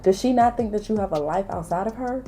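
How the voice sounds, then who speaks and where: A woman in her late twenties telling a casual storytime while doing her makeup, blunt, animated and full of profanity. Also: medium pitch, quick pace, faint music behind. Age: late 20s. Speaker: vlogger.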